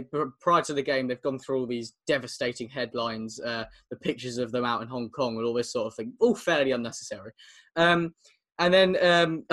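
A young English man co-hosting a casual football podcast over a video call, chatty and quick to laugh. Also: a little high, fairly bright tone. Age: young adult. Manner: chatty, laughs often, teasing. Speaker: podcast co-host.

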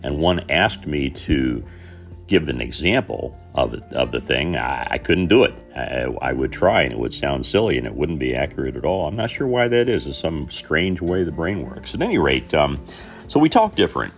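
A man with a Southern Indiana accent hosting his own show, telling stories in a rambling, halting way full of fillers and restarts. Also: rumbling low, big pitch swings, gravelly, faint music behind. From Southern Indiana, USA. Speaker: podcast host. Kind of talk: casual storytelling monologue.

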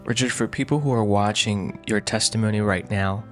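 A man interviewing a guest, asking slow, measured questions. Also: lowish voice, faint music behind.

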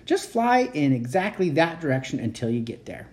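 A reader doing a croaky, very old seagull. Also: medium pitch, sing-song, moderate pace, a little mellow, lightly acted. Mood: haughty. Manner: croaking, dismissive. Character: very old seagull, male, aloof. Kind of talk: children's storybook read-aloud.

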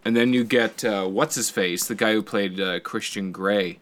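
A man's voice: fairly low pitch, moderate pace, crowd noise. Rambling, swearing man telling stories. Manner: rambling, profane, animated storytelling with sound effects. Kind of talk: casual chat.

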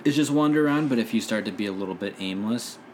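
A man who runs a tabletop game, talking in a relaxed, rambling way with lots of fillers. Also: lowish voice, fast, a little hiss or hum. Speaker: dungeon master. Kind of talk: casual podcast chat.

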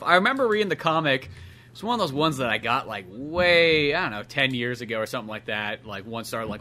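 A man's voice: mid-range voice, a little fast, pushed and bright, a little hiss or hum. A man hosting a podcast, chatting casually and rambling, swearing often and acting out exaggerated voices. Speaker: podcast host. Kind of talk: casual chat.

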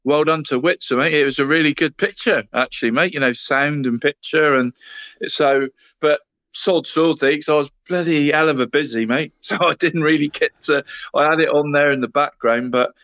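A man's voice: on the high side, normal speed, fairly bright tone, no room sound. Chatty man. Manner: rambling, says "mate" constantly, laughs often. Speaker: podcast co-host. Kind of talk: casual football podcast chat. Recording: dull, dry sound.

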